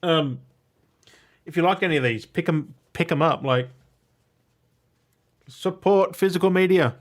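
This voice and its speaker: A man's voice: on the high side, a little slow. A man talking casually to his viewers about his movie and game pickups, rambling and swearing freely. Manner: blunt, swears casually, digresses and restarts often.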